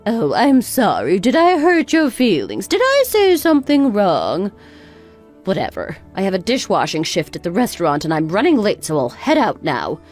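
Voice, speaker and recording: A woman's voice: deep voice, very animated, fairly quick, hardly any pauses, soft background music. A woman doing a scornful older mother-in-law. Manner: sarcastic, cutting. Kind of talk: narrated text-story drama.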